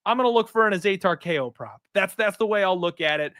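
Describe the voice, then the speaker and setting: A man hosting a sports betting podcast, all blunt opinions and animated delivery. His voice sits high. The sound is dry and close, with no room around it. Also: fast, clear, resonant tone, dry recording. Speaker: podcast host. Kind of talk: casual betting podcast chat.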